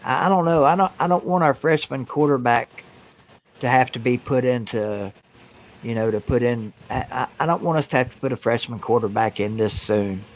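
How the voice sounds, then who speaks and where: A man's voice: mid-range voice, normal speed, slight background noise. Male co-host, casual sports chat, earnest, hesitant. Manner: earnest, hesitant with repeated starts.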